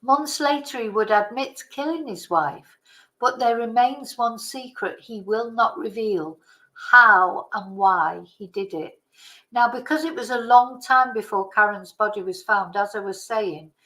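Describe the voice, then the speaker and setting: A woman hosting her own channel, giving casual commentary and reading news articles aloud, slow and hesitant, stumbling over names. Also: mid-range voice, fairly bright tone, poor audio. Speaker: channel host.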